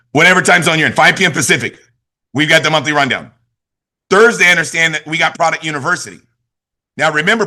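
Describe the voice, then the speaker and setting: A middle-aged man leading a motivational team call, energetic and repetitive, asking questions and answering them himself. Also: fairly high pitch. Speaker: team leader and youth football coach.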